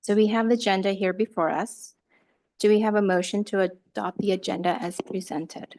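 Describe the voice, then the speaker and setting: A woman's voice: medium pitch, fairly even intonation, darkish tone. A woman chairing a school board meeting, calling it to order and running the motions in a procedural way. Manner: procedural and measured, also speaks some Spanish.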